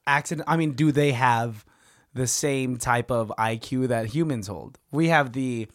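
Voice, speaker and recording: Raspy guy hosting a chill chat, teasing, dry close sound. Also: medium pitch, measured pace, no room sound. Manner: playful, teasing questions. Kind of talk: casual chat.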